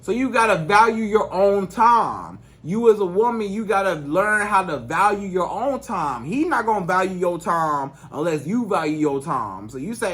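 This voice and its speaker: A man's voice: sits high, sing-song, normal speed, hardly any pauses, a bit bright. A man speaking as a dating coach, giving emphatic, repetitive advice straight to camera in casual slangy speech. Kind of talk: direct-to-camera advice monologue.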